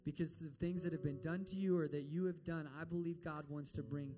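A man's voice: a little high, fairly even intonation, fairly quick, music in the background. A man preaching a sermon and telling a story in an earnest way, acting out the voices of the people in it. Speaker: pastor.

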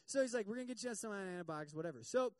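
A man's voice: high voice, expressive, racing, dry recording. A man, a campus ministry pastor, telling a self-mocking story in a sermon and acting out the quotes.

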